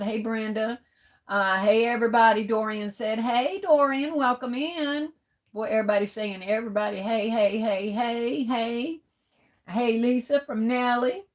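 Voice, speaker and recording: A woman's voice: mid-range voice, poor audio. A woman hosts a casual livestream, reading viewer comments aloud and greeting each one affectionately as baby and honey. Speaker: livestream host.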